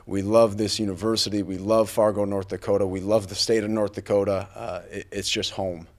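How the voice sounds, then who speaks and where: A man's voice: fairly low pitch, flat delivery, a little fast. A man in his thirties, a football coach giving earnest, grateful remarks at a press conference, full of fillers and restarts. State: a little choked up.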